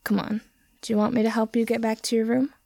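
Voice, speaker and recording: A woman voicing a gentle teenage boy who speaks softly and reassuringly. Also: fairly high pitch, flat delivery, quick pace, vocal fry, dry recording, clean studio sound. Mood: soothing. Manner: soft, soothing, reassuring.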